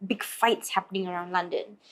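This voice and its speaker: Speaking briskly in a voice on the low side, a Malaysian singer tells stories as an interview guest. She keeps it lively, acting out others' lines in put-on voices.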